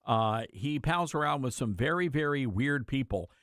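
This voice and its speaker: A man's voice: mid-range voice, expressive, moderate pace, a bit bright, no room sound, clean studio sound. Sarcastic male talk radio host. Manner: opinionated, conversational, sarcastic.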